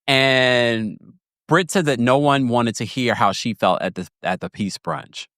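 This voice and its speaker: A man's voice: mid-range voice, unhurried, a bit bright, dry recording, clean studio sound. A man hosting a podcast, recapping a reality show in casual, gossipy commentary, laughing often and acting out what people said. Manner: chatty, self-interrupting storyteller. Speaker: podcast host.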